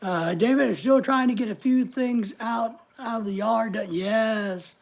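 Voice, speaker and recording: A man with a husky voice hosts a casual live stream. He rambles in a loose, chatty way and tosses in jokey asides. He greets viewers by name as he reads out their comments. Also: high-pitched, a little slow. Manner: talks straight to viewers by name. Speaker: livestream host reading viewer comments.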